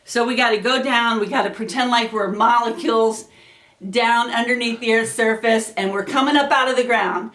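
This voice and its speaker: A woman energy educator teaching children, explaining each source and leading them through slow rhythmic chants. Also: on the high side, steady tone, a bit bright. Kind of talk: classroom lesson with chants. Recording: echoey room, mic at a distance.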